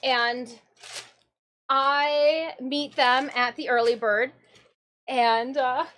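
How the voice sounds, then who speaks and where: A woman from Michigan chatting casually on a live stream, an excitable storyteller who keeps breaking into laughter. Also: high-pitched, drawn-out words. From Michigan, USA. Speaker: streamer and cosplayer.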